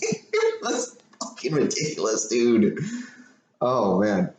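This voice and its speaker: This man hosts a podcast with a mid-range voice, taking his time while he animatedly retells a story in casual conversation. He swears and repeats himself, and the recording has an echoey room with faint noise.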